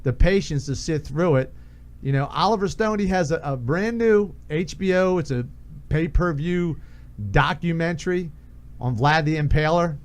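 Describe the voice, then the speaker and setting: A man's voice: on the high side, moderate pace. A man hosting a talk radio show, chatting casually and loosely with a joking manner. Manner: loose, joking, sings along.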